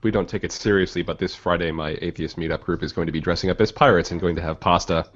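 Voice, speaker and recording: Lowish voiced guy cursing and joking on a podcast, muffled call audio. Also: steady tone, quick pace. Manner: joking, profane, lectures from studies. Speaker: podcast co-host. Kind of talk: casual chat. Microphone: video call.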